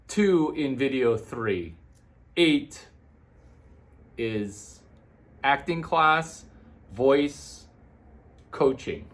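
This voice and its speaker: A man, a comedian, talking through numbered business tips in a jumpy monologue full of quick asides and sudden leaps in pitch. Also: lively intonation. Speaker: comedian giving business advice.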